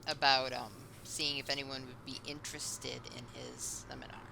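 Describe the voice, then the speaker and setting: A woman's voice: extremely low pitch, steady tone, moderate pace, gravelly, over a noisy crowd, low-quality recording. A woman co-hosting a casual podcast, making short, wry remarks. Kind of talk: casual chat.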